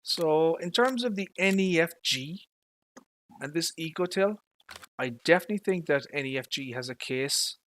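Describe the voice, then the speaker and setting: A man's voice: on the high side, expressive, normal speed, a bit bright. An Irish man casually commenting on a farming game he is playing live, rambling through his opinions and swearing at mishaps on screen. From Ireland. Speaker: livestreamer.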